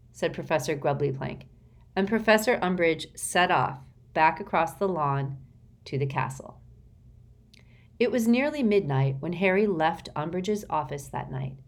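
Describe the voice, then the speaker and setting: A woman reading an audiobook with expressive storytelling narration. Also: low-pitched.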